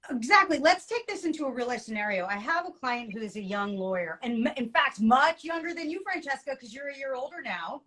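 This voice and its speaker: Woman podcast co-host, animated storyteller, quick to laugh. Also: sits high. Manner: lively storyteller, laughs often. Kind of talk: casual podcast chat.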